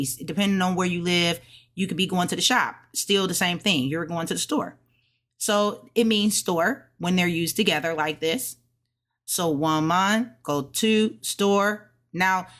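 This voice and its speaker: Woman talking through her own study notes, unhurried, slightly low-pitched, drilling syllables and chatting through the rules. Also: a bit bright. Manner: slow and deliberate, repeating syllables to drill them; casual explanations with many "like" and "okay". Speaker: language learner reviewing her lessons. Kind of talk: self-study lesson, explaining out loud.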